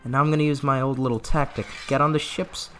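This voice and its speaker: A man's voice: mid-range voice, fairly even intonation, fast, a bit bright, soft background music. A man giving casual gameplay commentary, laughing often and reading game text aloud with asides. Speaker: gaming YouTuber.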